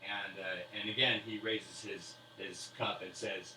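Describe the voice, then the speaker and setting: A man's voice: lowish voice, steady tone, measured pace, hardly any pauses, pushed and bright. A man narrating as game master, rambling with fillers and restarts. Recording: roomy, distant mic with faint hiss.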